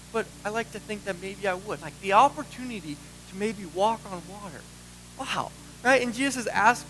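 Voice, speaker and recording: A man preaching a sermon as pastor, animated and acting out the voices he quotes. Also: sits high, slight background noise, rough recording.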